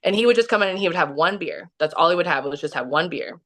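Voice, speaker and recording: A Midwestern woman from Kansas City, Missouri, guests on a podcast and tells a story in a loose, rambling way, packed with "like" and restarts. Her voice sits fairly low and sounds a bit bright, and she talks fast and animatedly.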